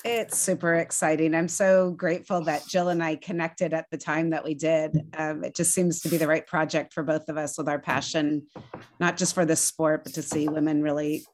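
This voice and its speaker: A woman executive director answering interview questions in a measured, earnest way. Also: low voice, level tone, a little mellow.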